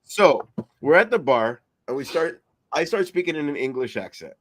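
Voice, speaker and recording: A man co-hosting a podcast, telling a story in animated casual chat with plenty of swearing. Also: a little high, moderate pace. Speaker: podcast co-host.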